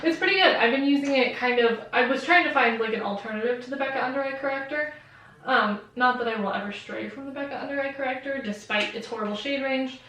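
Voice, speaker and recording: A woman's voice: high voice, fast talker, background noise. A young woman chatting casually about a makeup product, with fillers along the way. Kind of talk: casual chat. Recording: very echoey room, distant mic.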